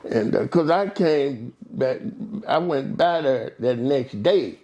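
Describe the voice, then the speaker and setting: A man in casual conversation telling long, animated stories, acting out quoted voices and often stumbling over and repeating words. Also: mid-range voice, slow pace. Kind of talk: casual storytelling chat.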